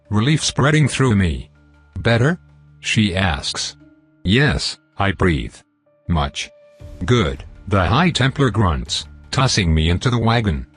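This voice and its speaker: A man narrating a dark fantasy novel in the first person, with a measured, dramatic reading. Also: on the low side, slightly rough. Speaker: audiobook narrator.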